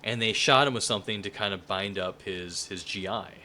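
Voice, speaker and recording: A man's voice: on the low side, a little fast, bright, forceful tone. A man giving a casual spoken lecture, talking loosely with plenty of fillers and restarts.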